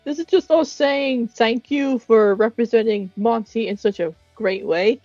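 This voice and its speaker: A young Irish woman chats casually, agreeing with her friend and giving thanks in short remarks. Her voice is fairly high, heard on a dry, slightly muffled recording with faint music in the background. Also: measured pace, warm tone, no room sound. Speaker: fan video maker. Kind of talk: casual chat.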